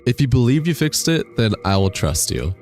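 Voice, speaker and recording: A man's voice: medium pitch, sing-song, normal speed, darkish tone, soft background music. A man live-streaming a game on a desk microphone, chatting casually, reading chat aloud, laughing and swearing now and then. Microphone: desk USB microphone.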